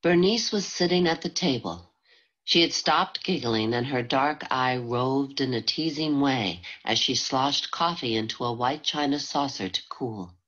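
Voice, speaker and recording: A woman reading a novel aloud in calm, measured scripted narration. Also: very deep voice. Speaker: audiobook narrator. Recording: dull lo-fi home recording.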